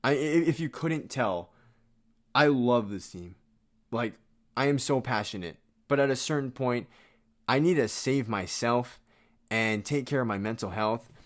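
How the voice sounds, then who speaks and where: A man's voice: mid-range voice, measured pace. A man hosting a sports podcast, delivering a blunt, exasperated and sarcastic rant. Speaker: podcast host.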